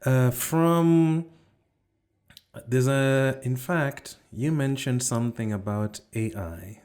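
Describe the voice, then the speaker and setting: A man hosting a podcast interview, talking in a relaxed way with frequent "you know" fillers. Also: mid-range voice, takes it slowly. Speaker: podcast host. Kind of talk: casual interview.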